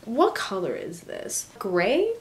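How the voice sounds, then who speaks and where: A young woman with a hoarse, raspy voice from a cold, chatting casually as she hosts a clothing try-on haul vlog. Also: medium pitch, wildly swooping pitch, takes it slowly, a little hiss or hum. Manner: chatty and self-mocking, lots of fillers. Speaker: YouTuber hosting a try-on haul.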